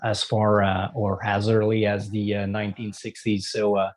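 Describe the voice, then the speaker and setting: A man with a Quebec French accent speaks as an interview guest in a fairly low voice. He talks hesitantly and fills his answers with ums and restarts. His tone is casual and searching. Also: completely flat delivery, normal speed, darkish tone. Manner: hesitant, many fillers and restarts. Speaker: guest musician.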